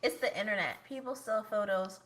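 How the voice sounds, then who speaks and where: A woman hosting a casual podcast chat, slangy and quick to laugh. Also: mid-range voice, a bit bright. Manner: laughs often, slangy backchannels. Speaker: podcast host.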